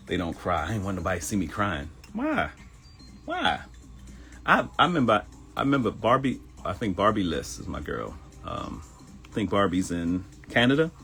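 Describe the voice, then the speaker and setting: Deep-voiced man hosting a live show. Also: a bit bright. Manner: conversational, preachy, joking. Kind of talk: casual livestream monologue.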